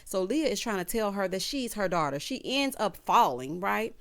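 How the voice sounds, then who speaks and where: A woman casually recapping a TV episode, sassy and animated, acting out the characters' lines. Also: medium pitch, moderate pace, few pauses, no echo. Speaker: recap vlogger.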